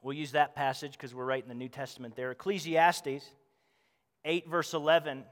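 A man's voice: medium pitch, steady tone, normal speed. A man preaching a sermon as pastor, earnestly asking the congregation questions. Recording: long hall reverb.

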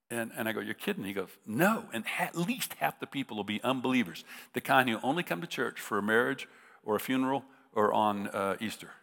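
A man's voice: mid-range voice, lively intonation, a little fast, vocal fry, a bit bright. A man, a middle-aged preacher, tells a humorous story in a sermon, talking casually with many restarts. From United States. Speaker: visiting preacher. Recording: reverberant hall.

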